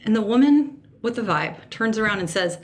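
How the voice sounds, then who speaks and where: A woman's voice: medium pitch, moderate pace. Emotional woman host telling a story. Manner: animated, second-guesses herself aloud; emotional, sensitive. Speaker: podcast host. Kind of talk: personal storytelling monologue.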